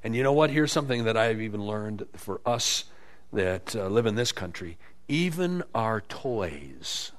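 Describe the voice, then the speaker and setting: Animated preacher man, lively pitch. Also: a little slow. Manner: animated, swings from quiet to loud emphasis; acts out quotes with sarcastic inflection. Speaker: pastor. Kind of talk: sermon.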